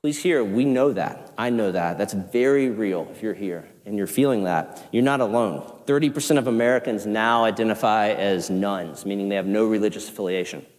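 A man with a Southern accent, a pastor preaching a sermon in an animated, conversational way with self-deprecating asides. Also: lowish voice, normal speed, hardly any pauses. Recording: long hall reverb.

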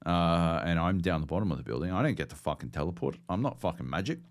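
A young Australian man co-hosting a gaming podcast, ranting and swearing through an animated story. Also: deep voice, fast talker. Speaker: podcast co-host. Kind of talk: casual chat.

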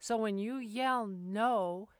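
Plainspoken woman dog trainer, smooth voice. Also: mid-range voice, slow, no room sound. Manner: plainspoken, acts out dog and owner voices, laughs often. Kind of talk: casual instructional talk.

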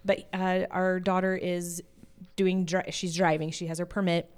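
A woman in her forties with a voice a touch low for a woman. She tells a family story in relaxed chat, giggly and lively. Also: measured pace, clear, resonant tone. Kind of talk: casual chat.

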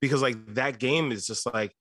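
A man's voice: medium pitch, moderate pace, a bit bright, dry recording, studio quality. A man co-hosting a podcast, chatting casually and profanely about a movie and acting out scenes in quoted voices. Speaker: podcast co-host. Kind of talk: casual movie review chat.

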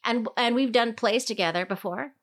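A woman's voice: a little high, moderate pace. A woman hosting a podcast, chatting casually and laughing easily with a longtime friend. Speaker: podcast host. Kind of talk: casual conversational interview.

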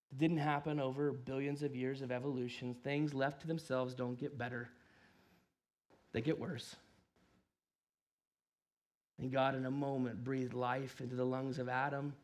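A man in his forties from the United States preaching a sermon, swinging from hushed asides to loud, emphatic lines and acting out voices in his stories. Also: mid-range voice, little pitch movement, measured pace, pauses often. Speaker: pastor.

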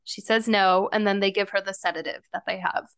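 A woman's voice: medium pitch, fairly even intonation, fairly quick, fairly bright tone. A woman podcast co-host casually retelling a true-crime story with lots of fillers. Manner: retelling events with frequent fillers.

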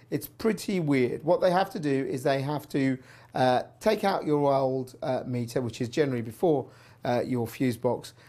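A man hosts a news show in an easy, conversational style. His pitch moves widely as he tells his story, and he briefly voices the other people in it. The delivery stays animated and informal throughout. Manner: animated storyteller, acts out quoted dialogue. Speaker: host of an energy news show. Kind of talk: chatty commentary and anecdote.

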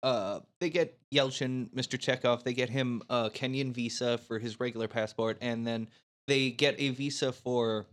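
A man's voice: mid-range voice, fairly even intonation, normal speed, fairly bright tone. A man casually recapping a movie plot on a podcast, laughing often and leaning on filler words. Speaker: podcast host.

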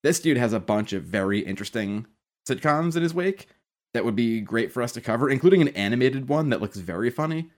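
Animated man riffing casually on a podcast. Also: mid-range voice, a little fast. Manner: animated, profane, quotes films in silly voices. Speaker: podcast co-host. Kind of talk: casual chat.

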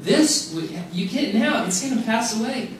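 Emphatic preacher in a very echoey room. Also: male voice, very high voice, lively intonation, measured pace. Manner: emphatic, repeats key phrases, casual asides. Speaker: pastor. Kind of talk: sermon. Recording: very echoey room, mic far off, faint noise.

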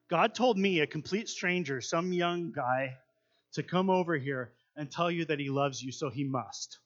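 Man telling a church story, muffled. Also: fairly high pitch. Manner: conversational storytelling with fillers, swelling louder at intense moments. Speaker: speaker telling a personal testimony. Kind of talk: sermon-style personal story. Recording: dull lo-fi sound.

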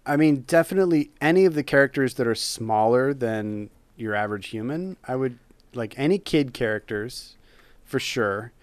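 A man's voice: medium pitch, expressive, normal speed, clean tone, dry recording. A man co-hosting a casual chat podcast, talking with enthusiasm and rambling at times. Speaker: podcast co-host.

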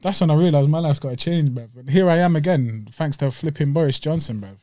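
Man, quick slangy rambling banter, dry close sound. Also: a little high, warm tone, dry recording. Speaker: podcast co-host. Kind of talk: casual banter.

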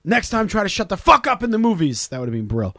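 A man co-hosting a casual podcast, telling stories with lots of swearing and loud acted-out quotes. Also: high voice, sing-song, fast talker, no room sound, clean studio sound. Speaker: podcast co-host. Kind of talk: casual profane chat.

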